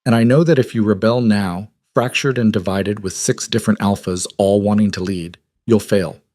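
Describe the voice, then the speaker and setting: A man's voice: fairly low pitch, steady tone, normal speed, dark tone, no echo, natural voice. A man voicing a defiant young woman, a cast-out wolf queen, who speaks in a cool, level, unyielding way. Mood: steely.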